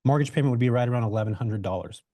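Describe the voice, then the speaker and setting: A man's voice: medium pitch, very fast, dark tone, dry recording. Guy on a video call telling his story, lots of ums and restarts, dead dry sound, mid voice. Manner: loose and conversational, with many fillers and restarts. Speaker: real estate investor guest. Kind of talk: casual storytelling in a webinar interview.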